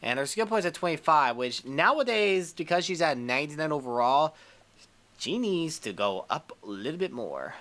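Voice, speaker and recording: A gaming creator giving excitable play-by-play commentary over a baseball video game, cheering at the big plays. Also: medium pitch, moderate pace.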